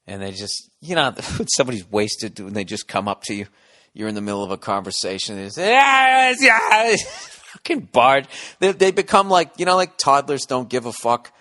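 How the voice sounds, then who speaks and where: A man's voice: fairly low pitch, expressive, brisk, a bit bright, big-room sound. A man hosting a comedy podcast, talking in a blunt, rambling monologue with constant swearing. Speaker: podcast host.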